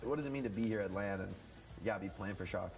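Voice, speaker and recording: A man's voice: lowish voice, quick pace, vocal fry, a little mellow, soft background music. A man interviewing players at an esports event in an upbeat, teasing way. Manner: playful, teasing questions.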